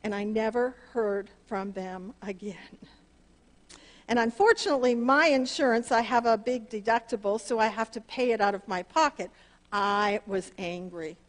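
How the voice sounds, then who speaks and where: A woman pastor, preaching earnestly through a personal story, her voice leaping up on key words. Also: moderate pace. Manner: earnest and animated, pitch leaps up on emphasis. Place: church sanctuary.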